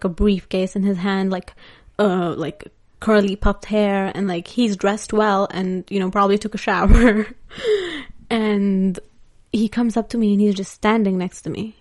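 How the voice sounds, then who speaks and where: A woman's voice: mid-range voice, darkish tone. A young woman vlogger telling a story in casual chat, laughing often and using lots of filler words.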